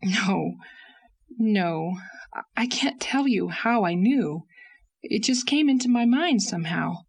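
A woman reading an audiobook, voicing a gentle, sensible young woman who soothes a friend in an earnest tone. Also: medium pitch, expressive, slow pace, creaky, breathy edge, pitched above the performer's own voice, heavily acted. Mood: soothing. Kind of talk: audiobook character voice.

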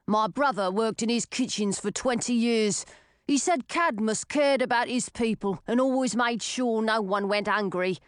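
A woman doing a gruff grown man. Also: fairly high pitch, normal speed, no echo, clean studio sound, close to an everyday voice. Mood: grumbling.

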